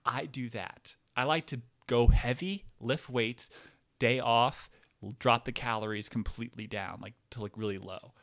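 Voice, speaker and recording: A man's voice: mid-range voice, steady tone, moderate pace, fairly bright tone. A man ranting casually to his viewers from a chair, swearing often, rambling and cutting himself off. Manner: profane, rambling, self-interrupting. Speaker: vlogger. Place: seated indoors in a chair.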